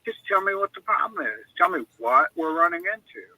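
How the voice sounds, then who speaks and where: A man's voice: high-pitched, lively intonation, a little fast, sharp tone, breathy edge, dry recording, poor audio. A man on a radio chat, telling long rambling stories and acting out what people said to him. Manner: rambling storyteller who acts out quoted dialogue. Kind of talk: casual call-in chat.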